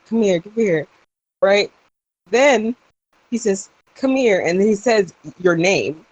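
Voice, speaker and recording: A woman's voice: medium pitch, expressive, takes it slowly, a little mellow, dry recording, poor audio. A young adult woman co-hosting a podcast, telling a story in casual chat and acting out the people she quotes. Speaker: podcast co-host.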